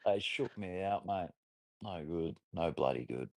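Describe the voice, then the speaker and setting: Australian male host, low-pitched, jokey and relaxed, dry close mic. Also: a little slow, no echo. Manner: joking, laughs often. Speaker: crypto trading stream host. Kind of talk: casual chat.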